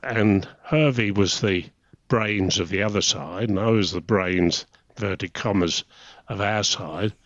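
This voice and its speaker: This retired English naval officer, in his eighties, chats through anecdotes and chuckles often while being interviewed about his memories. He speaks unhurriedly in a fairly low, somewhat bright voice; the recording is dry and slightly dull, with no room sound.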